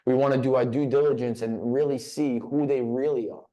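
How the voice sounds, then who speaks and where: A man delivers a motivational story as a guest in a business leadership session, repeating words whenever he starts a phrase and restarting often. His voice is mid-range and dark in tone, with fairly even intonation and a slightly fast pace.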